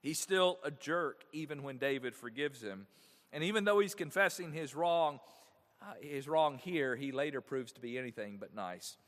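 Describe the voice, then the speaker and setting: A male pastor preaching a sermon, reading scripture aloud and pressing his points with questions, his voice swelling loud on key words and dropping soft at the ends of thoughts. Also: fairly high pitch, moderate pace. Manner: animated preaching with wide swings in loudness. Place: church sanctuary. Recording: long reverb of a church sanctuary.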